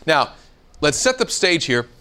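A man presents a Bible seminar to a live crowd in a clear, resonant voice that sits on the high side, speaking unhurriedly. Animated throughout, he asks the audience questions and plays out the quoted words.

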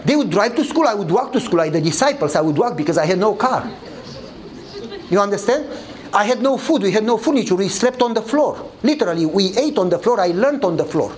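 Speaking fairly quickly, this pastor narrates a sermon story in English with non-native grammar. He performs the characters' lines with shifting pitch, and the low-quality recording carries slight background noise.

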